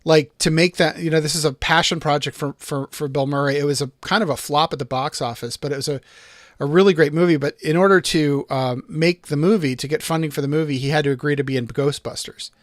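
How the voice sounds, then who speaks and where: A man's voice: fairly high pitch, steady tone, fast talker, no echo, clean studio sound. A man co-hosting a podcast, telling a story in a rambling way with frequent restarts and fillers. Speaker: podcast co-host. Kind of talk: casual discussion.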